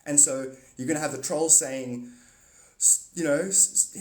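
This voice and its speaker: A man's voice: a little high, a little fast, darkish tone, echoey room. A man hosting a casual livestream, talking to viewers in a rambling, blunt and profane way. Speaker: livestream host.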